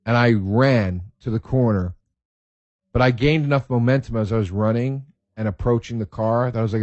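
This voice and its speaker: A man hosting a podcast, telling stories in a casual, profane, excitable way and laughing as he talks. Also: medium pitch, normal speed, no room sound, dull audio. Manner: profane, excitable storyteller who laughs mid-sentence. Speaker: podcast host. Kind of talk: casual storytelling.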